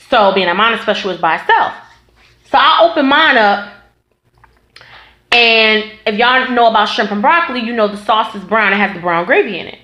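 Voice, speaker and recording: Animated woman telling a storytime story. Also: medium pitch. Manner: animated, profane, laughing storytelling. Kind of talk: casual storytime. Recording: echoey room.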